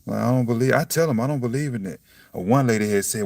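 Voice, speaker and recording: Young man, low gravelly voice, casual spiritual monologue, profane and blunt, loud laughs, dry sound a bit far from the mic. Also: fast talker, no echo. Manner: repeats catchphrases like "you see what I'm saying". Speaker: self-styled preacher vlogger.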